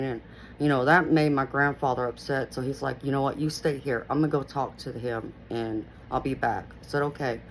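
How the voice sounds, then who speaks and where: A woman's voice: deep voice, a little hiss or hum, low-quality recording. A woman hosting her own channel, telling a personal story in a rambling, earnest way with lots of "you know" fillers. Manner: earnest, reflective retelling. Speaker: channel host.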